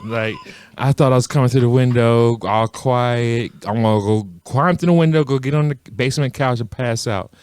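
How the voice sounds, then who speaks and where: A young man with an average-pitched voice banters on a casual podcast. He teases his co-host with mock-legal jokes and laughs his way through his own story. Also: moderate pace, darkish tone, smooth, dry recording. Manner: joking, teasing, mock-legal quips.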